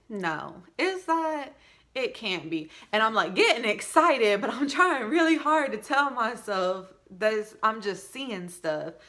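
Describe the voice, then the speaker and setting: A young, pregnant woman vlogger with a mid-range voice chats casually through a storytime. She says "like" a lot and throws in animated asides.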